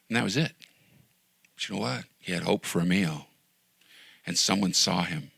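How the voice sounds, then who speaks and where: Earnest low gravelly-voiced male pastor. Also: fairly even intonation, moderate pace, long pauses, fairly bright tone, no echo. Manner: earnest, pleading, drops to near-whisper at times. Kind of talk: sermon.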